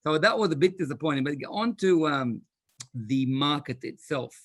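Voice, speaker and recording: A man's voice: fairly high pitch, lively intonation, normal speed, no echo. A man with a broad Australian accent giving a jokey, chatty presentation on an online panel over a video call.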